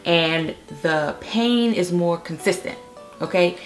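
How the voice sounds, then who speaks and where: A woman's voice: lowish voice, takes it slowly, soft background music. Chatty woman telling a storytime. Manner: chatty, animated retelling with frequent "okay?" asides. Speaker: vlogger. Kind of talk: storytime vlog. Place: home living room, on a couch.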